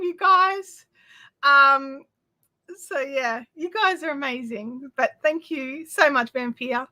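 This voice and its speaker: A woman with an Australian accent hosts a craft livestream from home. Her voice sits high and bright, with plenty of crispness. She chats effusively to her viewers and reads out their comments, her talk full of fillers and restarts. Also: slow pace. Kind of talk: casual chat reading viewer comments.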